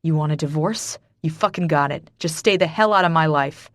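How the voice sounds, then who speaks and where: Audiobook read: woman doing a cold, cursing husband, slightly lower than her own voice, dry booth sound. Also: a little fast, no room sound, close to an everyday voice. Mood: furious. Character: furious man ending his marriage. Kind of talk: audiobook character voice.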